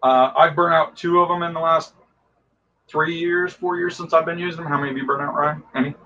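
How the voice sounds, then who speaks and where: A man's voice: a little high, fairly even intonation, a little fast, sharp tone, dull audio. Chatty man explaining costume craft. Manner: enthusiastic, rambling, many fillers. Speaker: costume and prop maker guest. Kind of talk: casual how-to talk.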